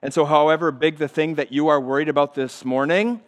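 A man preaching a sermon to his congregation, talking plainly and then building through repeated phrases to loud, emphatic peaks. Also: on the high side, steady tone, brisk. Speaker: pastor. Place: church sanctuary.

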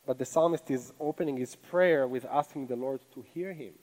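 A man's voice: medium pitch, brisk, darkish tone, poor audio. A man with a non-native English accent preaching a sermon from a church stage, earnest and conversational, with many rhetorical questions. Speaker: pastor.

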